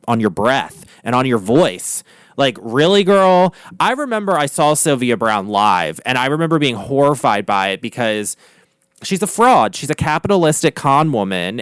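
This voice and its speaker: Casting: chatty, gossipy man, cursing freely, smooth resonant voice, dry close sound. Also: medium pitch, no room sound. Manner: chatty and profane, gossipy, animated asides. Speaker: vlogger, artist. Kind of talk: casual chat. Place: home art studio.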